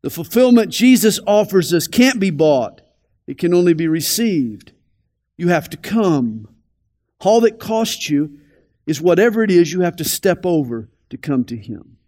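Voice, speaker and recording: Radio pastor, male, high-pitched, deliberate emphatic sermon delivery. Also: very animated, darkish tone. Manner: deliberate, emphatic, slows on key phrases.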